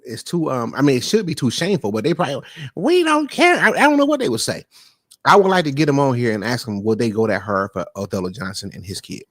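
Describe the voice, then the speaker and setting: A man's voice: mid-range voice, no echo, clean studio sound. A man hosting a live talk stream, speaking casually and emphatically, often repeating words. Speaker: host.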